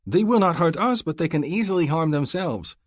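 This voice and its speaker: A stubborn, hot-headed alien barbarian hunter, protective and quick to argue, as a male narrator voices him. The voice is husky and pitched up from the narrator's own deep tone, with a dry close sound. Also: lively intonation, no room sound. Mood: protesting. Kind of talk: audiobook character voice.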